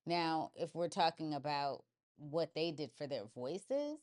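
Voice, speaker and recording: A woman's voice: low voice, takes it slowly, darkish tone. A woman who works as a TV producer, co-hosting a casual podcast chat and explaining technical production details. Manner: explanatory, technical, thinking aloud.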